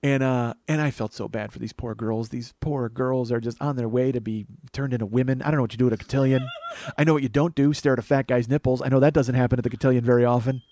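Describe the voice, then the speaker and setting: A man in his forties hosting his own show, telling a profane, animated story that swings from low mutters to loud mock pride. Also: fast talker, a little hiss or hum. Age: 40s. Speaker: comedian podcast host. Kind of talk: storytelling monologue.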